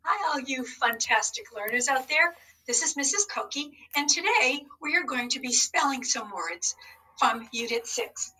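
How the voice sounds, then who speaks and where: A woman's voice: high-pitched, lively intonation, pushed and bright, recorded from a distance, poor audio. A woman teacher giving a recorded spelling lesson to young students in an upbeat, encouraging way. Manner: upbeat, encouraging, slow and deliberate.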